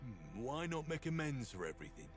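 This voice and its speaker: A man voices a rough factory guard in a video game, blunt and quick to swear, with a plain mid-range voice. Game music plays clearly behind him. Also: mid-range voice, big pitch swings, natural voice. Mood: softened. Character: rough male factory guard, hot-tempered dog lover.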